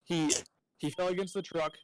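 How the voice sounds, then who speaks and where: A man's voice: sits high, steady tone, moderate pace, noisy background. A man streaming a game, telling a rambling story to friends in casual, profane speech full of fillers. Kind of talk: casual storytelling while gaming.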